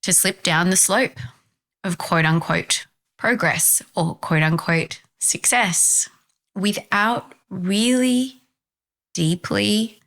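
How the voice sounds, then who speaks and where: A woman's voice: on the low side, a bit bright. An Australian woman giving a thoughtful, earnest talk and telling stories. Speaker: speaker, mindfulness teacher. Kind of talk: reflective talk with storytelling.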